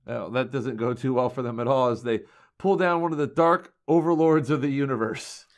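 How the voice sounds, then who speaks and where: A man's voice: medium pitch, fairly even intonation, brisk. A man co-hosting a podcast, reviewing a movie in casual chat, rambling wryly and sometimes tripping over words. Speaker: podcast co-host.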